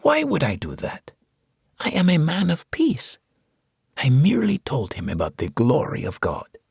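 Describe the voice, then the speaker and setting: A man voicing a short, thin, middle-aged preacher with a Spanish accent who talks calmly and gently, as if to a child. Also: a little high, moderate pace, creaky, breathy edge, no echo, studio quality, voice pushed up, full character voice. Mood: serene. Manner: calm, gentle, speaks as if to a child.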